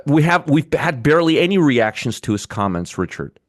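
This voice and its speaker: A man's voice: fairly high pitch, very animated, brisk, no room sound, studio quality. A man hosting a live trading show, giving blunt, sarcastic market commentary and bantering with chat viewers. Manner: blunt, swears freely.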